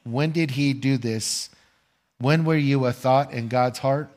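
An older man preaching a sermon as pastor, earnest and measured, asking his listeners rhetorical questions and pausing for answers. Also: mid-range voice, darkish tone.

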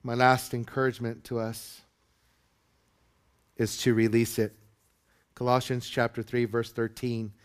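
Smooth and medium in pitch, the pastor's voice moves at a measured pace with frequent pauses. His sermon to the congregation in the church sanctuary is animated storytelling, with the voices acted out.

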